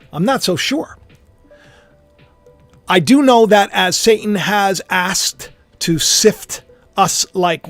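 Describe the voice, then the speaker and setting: A high-pitched man preaches impassioned spiritual commentary to his online audience, hammering home repeated phrases. He lurches from loud outbursts to hushed asides. There's no room sound on the recording.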